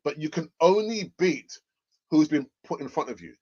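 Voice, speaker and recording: Guy doing footie news, laughs a lot, all over the place pitch-wise. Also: normal speed, husky. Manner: animated, laughs often, exclaims. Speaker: football channel host. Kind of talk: casual football news commentary. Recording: dull lo-fi audio.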